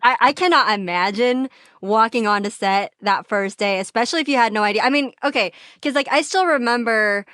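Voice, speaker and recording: A woman's voice: a little high, fairly quick, fairly bright tone, no echo, studio quality. A young woman hosting an interview in a chatty way, laughing often and filling her talk with casual fillers. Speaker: podcast host.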